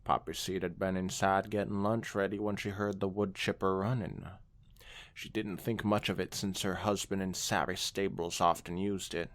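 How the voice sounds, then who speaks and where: A man's voice: sits low, flat delivery, moderate pace. A man co-hosting a podcast, reading fan fiction aloud with dramatic narration and frequent laughter. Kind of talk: casual comedic reading and chat.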